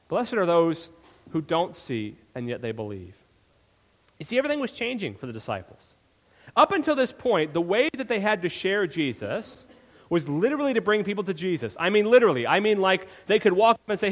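Pastor preaching in a reverberant hall. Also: male voice, on the high side, brisk. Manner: conversational storytelling, animated when retelling scenes. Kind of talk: sermon.

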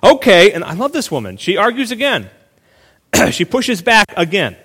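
A male pastor preaching a sermon in a relaxed, conversational way, full of asides and quick restarts. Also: high voice, husky, long reverb tail.

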